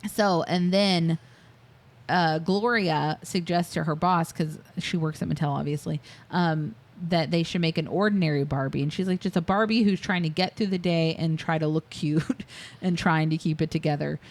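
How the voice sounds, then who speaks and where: A woman with a slightly low voice retells a film on a casual podcast. She piles up scene details, drops into quoted lines, and laughs easily between them. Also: fairly even intonation, normal speed. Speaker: podcast co-host. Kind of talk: casual movie recap chat.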